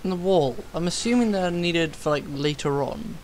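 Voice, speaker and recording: A woman's voice: fairly low pitch, moderate pace, a little mellow, slight background noise, poor audio. A woman giving chatty, wry commentary as she plays through a game. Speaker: gamer. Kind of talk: let's play commentary.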